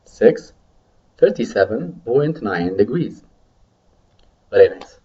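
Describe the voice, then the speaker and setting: A man teaching medical English in a recorded lecture, modelling numbers slowly for students to repeat after him. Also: mid-range voice, warm tone, muffled recording.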